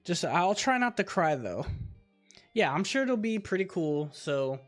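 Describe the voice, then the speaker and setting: Lively, rambling male host. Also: high voice, a little slow, faint music behind. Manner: rambling, reacts to clips aloud. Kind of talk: casual livestream chat.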